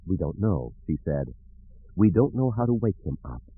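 A man voicing an anxious, sharp-tongued woman in an audiobook, with urgent, questioning speech. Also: low voice, very animated, moderate pace, breathy edge, exaggerated voice. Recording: narrow phone-like audiobook recording.

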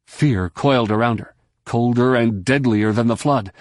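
A man narrating an audiobook in a brisk, steady storytelling manner. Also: mid-range voice, no room sound, studio quality. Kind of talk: scripted narration.

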